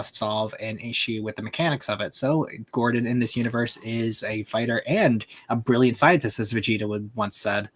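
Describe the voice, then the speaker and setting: A livestream host with a mid-range, slightly bright voice chats casually over online voice chat. He recaps a story from a fan, stumbling through fillers and restarts along the way.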